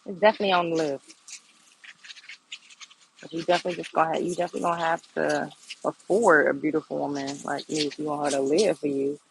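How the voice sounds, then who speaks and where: A young woman hosts a casual phone livestream outdoors in her garden, laughing often and talking with blunt sass. Her low, gravelly voice is quick but broken by long pauses, with fairly even intonation. The audio is poor, with slight background noise.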